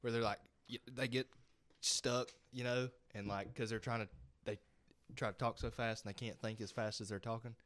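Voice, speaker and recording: A man's voice: mid-range voice, little pitch movement, moderate pace, fairly bright tone. A man guesting on a podcast, recorded dry and close with no room echo. He tells his stories casually and mimics the people in them. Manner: storytelling, acts out quoted voices. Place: podcast studio.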